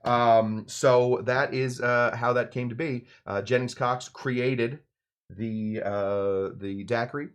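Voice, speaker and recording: A man's voice: mid-range voice, fairly even intonation, slow, smooth. A man hosting a cocktail show who tells drink history in a rambling, joking way, often breaking into playful voices for the people in his story. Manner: rambling, jokey, acts out voices in anecdotes. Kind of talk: casual storytelling lesson.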